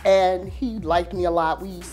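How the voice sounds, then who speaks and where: A woman's voice: on the low side, unhurried, a little mellow, faint music behind. A woman telling a candid personal story in a group discussion, chatty and full of "you know".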